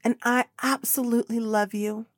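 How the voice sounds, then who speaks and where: Fervent high-voiced woman podcast host. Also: fairly even intonation, normal speed. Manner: emotional, fervent, repetitive affirmations. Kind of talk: spiritual motivational podcast.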